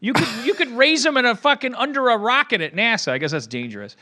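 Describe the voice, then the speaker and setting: A man hosting a comedy podcast, tossing in quick jokes and laughing often. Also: very high voice, animated, pushed and bright. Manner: quick interjecting quips, frequent laughter. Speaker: podcast host. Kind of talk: casual comedic banter.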